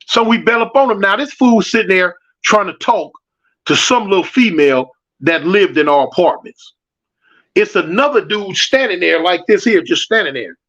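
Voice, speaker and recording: A man tells a street story in casual slang, animatedly acting out the voices and answering his live chat. His voice sits high at a moderate pace, and the audio is dull and lo-fi.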